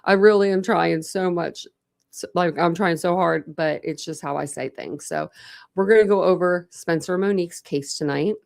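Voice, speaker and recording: Woman, young adult, from Ohio, livestream host, casual rambling chat, retainer in, lowish voice, vocal fry. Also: normal speed, darkish tone. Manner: rambling, chatty, many "like" fillers. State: talking around a dental retainer. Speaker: true crime livestream host.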